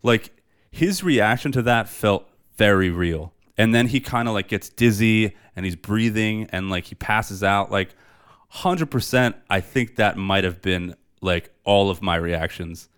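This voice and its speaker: A man's voice: fairly low pitch, a little slow, fairly bright tone, clear, resonant tone. A man co-hosting a podcast, chatting casually and enthusiastically about movies, loose and profane with lots of fillers. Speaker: podcast co-host. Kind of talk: casual movie review chat.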